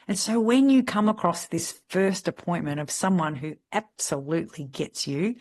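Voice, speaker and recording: A woman's voice: lowish voice, normal speed. Candid Australian woman telling stories. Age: middle-aged. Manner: lively, candid anecdotal storyteller. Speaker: podcast host, salon mentor. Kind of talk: casual storytelling chat.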